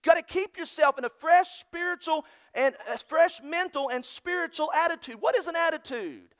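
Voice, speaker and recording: A man's voice: very high voice, normal speed, a bit bright. A male pastor preaching a sermon, emphatic and repeating key phrases.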